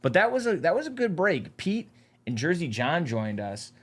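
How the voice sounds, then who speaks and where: A man's voice: on the high side, huge pitch swings, normal speed. Upbeat male host, casual banter. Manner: upbeat, hype-man banter. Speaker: talk show host. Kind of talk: casual chat. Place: studio.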